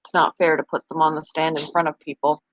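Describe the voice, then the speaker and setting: A woman's voice: sits low, level tone, fast talker, dry recording. Chatty woman pet vlogger, dry sound. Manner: chatty, talks back to viewers' comments. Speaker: pet channel host. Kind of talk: casual live-stream chat.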